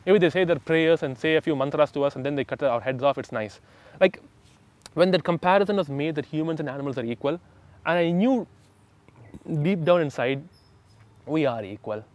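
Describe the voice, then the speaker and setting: Animated young man telling his story. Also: on the high side, fairly quick, pauses often. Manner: animated, emphatic, acts out quoted voices. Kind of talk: casual personal storytelling.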